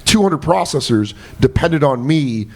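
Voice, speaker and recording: A man's voice: a little high, lively intonation, a little slow, creaky, slightly rough. Profane young man telling stories. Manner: profane, laughing storyteller. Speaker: guest comedian. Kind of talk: casual storytelling chat.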